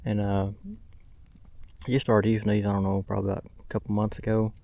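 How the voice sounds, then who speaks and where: A man's voice: lowish voice, monotone, fast talker, gravelly, dark tone. A young man, talking casually to a camera mounted on his kayak outdoors as he fishes, plainspoken with lots of fillers. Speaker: fishing vlogger. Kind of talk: casual outdoor vlog narration.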